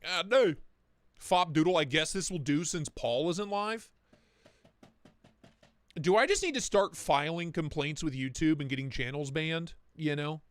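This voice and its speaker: A young man with a somewhat high, unhurried voice hosts a casual livestream, recorded dry. He chats loosely with viewers, swears freely, and reads their comments out loud.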